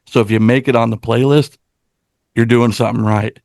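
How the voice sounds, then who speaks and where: A man's voice: medium pitch, steady tone, brisk, creaky, darkish tone, dry recording, clean studio sound. A man co-hosting a casual roundtable podcast, speaking in an earnest, heartfelt way with frequent restarts.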